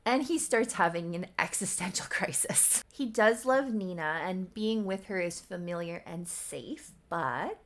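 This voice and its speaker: Recapping her old soap opera story, a YouTuber in her thirties chats away, laughing at herself as she goes. Her lowish voice is expressive, and she talks a little slowly with few pauses.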